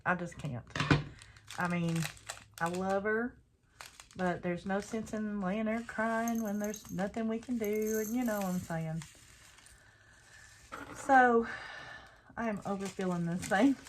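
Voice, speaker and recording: A woman's voice: mid-range voice, normal speed, pauses often, slight background noise. An older woman, the host of a craft channel, chatting and telling rambling stories while she works on a craft. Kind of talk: casual chat while crafting.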